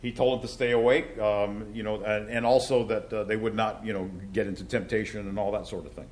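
Man, Bible teacher, classroom lesson, halting, slows on key words. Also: lowish voice, little pitch movement, a little mellow. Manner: halting, with many fillers and restarts, slows to stress key words.

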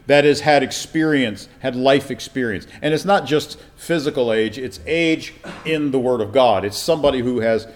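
A pastor with a mid-range, slightly mellow male voice gives a conversational, verse-by-verse Bible teaching. He frequently poses rhetorical questions to his listeners.

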